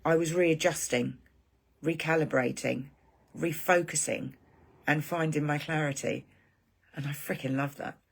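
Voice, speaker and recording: A woman's voice: low-pitched, fairly even intonation, measured pace, creaky, long pauses, husky. A woman hosting a live stream for her group, talking in a rambling, heartfelt casual chat.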